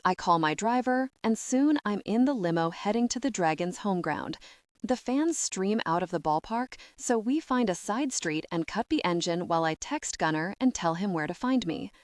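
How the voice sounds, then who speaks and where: A woman narrating a first-person romance audiobook in a steady, even reading manner. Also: mid-range voice, moderate pace, no echo, studio quality.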